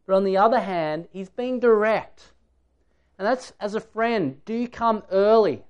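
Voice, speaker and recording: A man's voice: high voice, a little slow, clear, resonant tone, muffled recording. A man preaching a sermon in an earnest, emphatic way, putting direct questions to his listeners.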